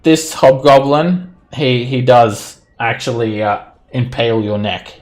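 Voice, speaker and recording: A man's voice: mid-range voice, fairly even intonation, a little slow, a little mellow. A man running a tabletop game as dungeon master, narrating loosely with fillers and frequent laughs.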